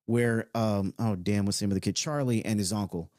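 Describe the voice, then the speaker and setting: A man's voice: fairly low pitch, fairly even intonation, brisk, a little mellow, dry recording, studio quality. A man giving a loose, conversational motivational talk, now and then swearing and stretching out words. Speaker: self-help speaker.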